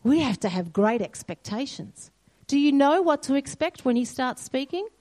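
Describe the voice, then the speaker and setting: A woman's voice: high-pitched, sing-song, normal speed. Earnest woman preaching. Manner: earnest, storytelling, quotes God softly. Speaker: church speaker. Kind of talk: sermon. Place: church hall.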